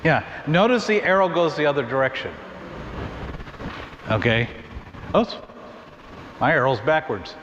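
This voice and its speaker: A man teaching a church Bible class in a conversational way, thinking aloud with restarts and quick asides. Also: on the high side, a bit bright. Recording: muffled recording in a reverberant room with faint noise.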